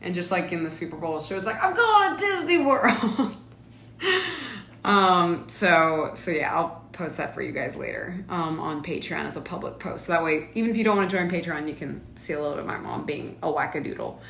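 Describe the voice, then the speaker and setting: A woman's voice: low-pitched, brisk, gravelly, few pauses, a bit bright. Chatty woman in an echoey room. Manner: chatty, reads viewer comments aloud. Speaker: live stream host. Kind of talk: casual live stream chat. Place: home. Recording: echoey room with faint background noise.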